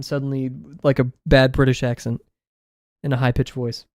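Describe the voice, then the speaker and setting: A young man streaming his drawing session, rambling casually with viewers, self-deprecating and quick to laugh. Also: medium pitch, little pitch movement, a little mellow, dry recording, clean studio sound. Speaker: drawing livestreamer.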